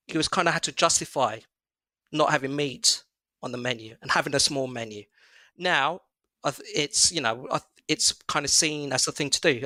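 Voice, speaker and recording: A man's voice: a little high, dry recording. A man, a restaurant co-founder telling stories in a casual interview and acting out customers' voices. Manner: animated, acts out customers' voices in anecdotes.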